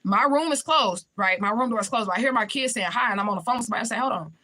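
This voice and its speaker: A woman's voice: on the high side, racing, bright, forceful tone. A woman telling a personal story in casual talk, swearing freely, repeating points for emphasis and checking in with the listener. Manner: conversational, keeps checking in with the listener. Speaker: spiritual reader.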